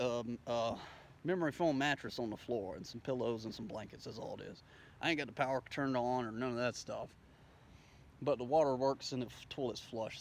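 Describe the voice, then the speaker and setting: A man's voice: mid-range voice, a little hiss or hum. A man telling a rambling, profane story in a casual way, acting out the dialogue as he goes. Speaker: storyteller recounting his day.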